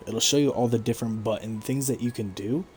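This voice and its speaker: A man giving relaxed, explanatory commentary over his own gameplay stream, with frequent fillers. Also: medium pitch, fast, soft background music. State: hiccups. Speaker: gaming streamer.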